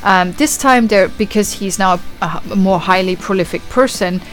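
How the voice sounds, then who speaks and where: A woman's voice: medium pitch, moderate pace, faint music behind. A woman hosting a podcast, casually recapping a film with lots of swearing and acted-out reactions. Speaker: podcast host. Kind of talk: casual film review chat.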